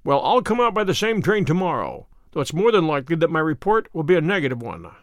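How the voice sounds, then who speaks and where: A man voicing Sherlock Holmes, a musing, brisk male detective, in a dry read story. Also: a little high, sing-song, no echo.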